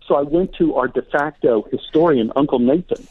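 A man's voice: fairly high pitch, fairly quick, breathy edge. A man in his sixties, an actor and author, telling stories in a chatty way as an interview guest. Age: 60s. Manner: warm storyteller, chatty. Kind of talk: casual interview storytelling. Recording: tinny phone line.

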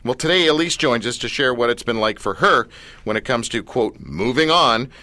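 A man hosting a talk show, asking questions in a playful, animated way. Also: mid-range voice, moderate pace, no echo.

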